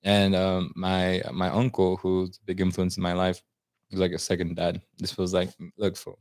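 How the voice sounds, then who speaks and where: A man's voice: low-pitched, monotone, moderate pace, darkish tone, no echo, clean studio sound. A man in his twenties telling a long story in casual podcast chat, slangy and mixing in Spanish phrases. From United States, Salvadoran family. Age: 20s. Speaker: podcast guest.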